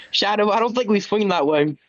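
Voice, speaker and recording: A man's voice: sits high, normal speed, no echo, lo-fi sound. A man teasing the host over a voice call, chatting casually.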